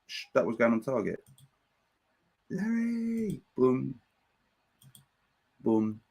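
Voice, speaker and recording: A man hosting a live football watchalong, commenting on play and reading out viewers' chat messages in an excitable, chatty way. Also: mid-range voice, takes it slowly, vocal fry. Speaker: watchalong host.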